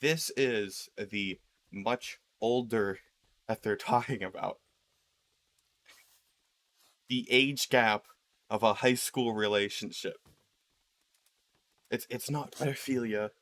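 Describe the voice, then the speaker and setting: A man's voice: on the low side, fairly bright tone. A man ranting casually while playing a game, rambling with lots of fillers and swearing. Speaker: video creator. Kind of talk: casual rant while gaming.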